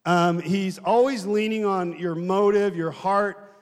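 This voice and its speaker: A man's voice: high-pitched, fairly even intonation, takes it slowly, in a large hall. A man preaching a sermon in a conversational way, often asking the congregation questions.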